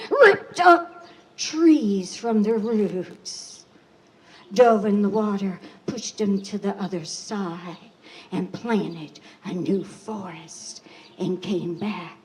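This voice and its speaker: A woman telling a fable at a rally, slow and dramatic, sometimes dropping to a whisper. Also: medium pitch, darkish tone, slight background noise, rough recording. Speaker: storyteller at a rally. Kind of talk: oral storytelling, fable.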